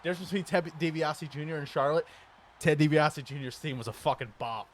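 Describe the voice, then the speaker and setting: A man's voice: on the high side, a little fast. A man doing casual video game commentary with a co-host, blunt and argumentative, cursing freely.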